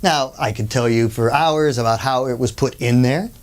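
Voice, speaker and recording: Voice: mid-range voice, moderate pace. A workshop speaker telling an anecdote in a conversational lecture, full of asides and acted-out voices. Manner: animated storyteller who acts out the people in the story. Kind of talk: storytelling lecture.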